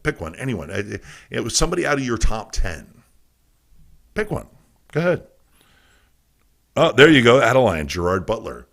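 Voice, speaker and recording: A man hosting a live casual show, loudly teasing and coaxing his chat room, with crude self-mocking asides. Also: mid-range voice. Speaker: podcast host. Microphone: desk mic, reading chat on a phone.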